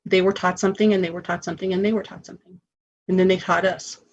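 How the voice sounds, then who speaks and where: A woman's voice: lowish voice, little pitch movement, quick pace, breathy edge, highs cut off. A woman hosting a spiritual self-help radio show, talking in an earnest, encouraging way.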